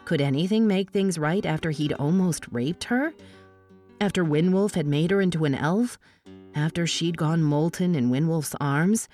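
A woman reading a novel aloud as an audiobook narrator, giving the dialogue a lift in pitch. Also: warm tone.

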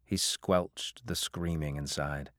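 A man reading a novel aloud as an audiobook narrator, in a measured, even way. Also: rumbling low, no room sound, studio quality. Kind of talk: scripted narration.

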